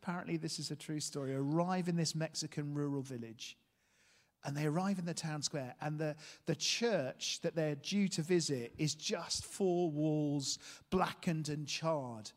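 A man preaching a sermon, telling a story with lively energy and asking his listeners questions. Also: fairly high pitch, moderate pace. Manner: animated storytelling, asks the room questions. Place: church hall. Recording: long hall reverb.

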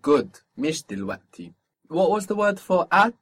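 A patient male language teacher drills a student in a spoken lesson, repeating each answer back and explaining pronunciation. His husky voice is fairly high and fairly bright, very animated and brisk.

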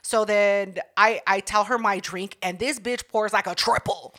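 A woman's voice: medium pitch, fairly even intonation, a little slow, bright, forceful tone. A woman co-hosting a podcast, swearing freely and laughing often as she tells a story in casual chat. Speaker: podcast co-host.

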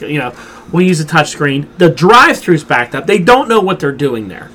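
A man hosting a casual chat show, telling an animated story with a lot of swearing. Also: sits high, fairly quick. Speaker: podcast host.

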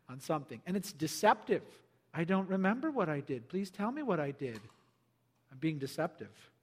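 A pastor with a high voice preaches a sermon in a reverberant hall. He's animated and acts out the voices he quotes.

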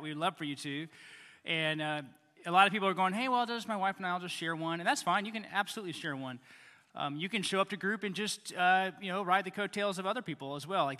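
A man's voice: a little high, pushed and bright. Chatty man preaching in a big hall. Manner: conversational and joking, acting out little scenarios. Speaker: pastor. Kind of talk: sermon. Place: church hall.

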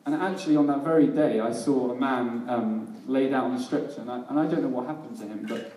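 A man's voice: mid-range voice, a little fast, mellow. A man preaching a sermon in a casual, self-deprecating way, often laughing at himself. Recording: echoey hall, mic at a distance.

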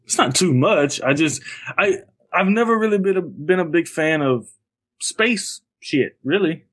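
A man's voice: on the high side, lively intonation, a little slow, fairly bright tone, slightly rough. A man in a casual podcast chat, laid-back and a little hesitant, often restarting words.

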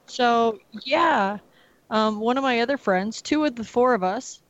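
A woman's voice: on the high side, measured pace, no room sound. A woman telling a long anecdote in casual chat, laughing often as she goes. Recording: dull lo-fi audio.

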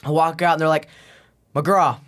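Young adult man, podcast guest, a touch high-pitched, cursing and calling everyone bro as he tells a story, laughs at himself. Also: fairly quick, fairly bright tone. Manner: profane, slangy, keeps saying "bro"; laughs at his own story. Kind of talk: casual storytelling.

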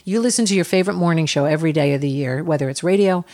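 A woman's voice: deep voice, very fast, darkish tone. A woman co-hosting a podcast in casual chat, frank and emphatic, swearing freely as she gives her opinions. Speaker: podcast co-host.

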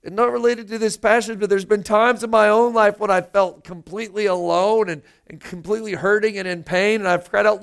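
A male pastor with a high, clear voice preaches in a church meeting room. His delivery is earnest. He often repeats words and phrases as he builds toward a point. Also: steady tone, normal speed, hardly any pauses, a bit bright. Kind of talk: sermon.

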